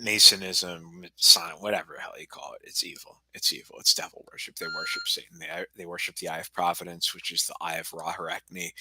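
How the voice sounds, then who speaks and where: A man's voice: lowish voice, pushed and bright, poor audio. A man talking to a livestream audience in an agitated, rambling way, repeating himself and sometimes dropping almost to a whisper. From United States. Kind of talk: rambling livestream monologue and phone call.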